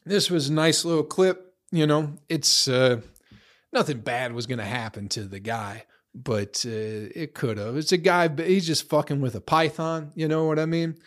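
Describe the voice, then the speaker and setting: A man's voice: fairly high pitch, moderate pace. A young man in a profane, rambling casual rant, blunt, tossing in "bro" and "you know" often. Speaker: vlogger.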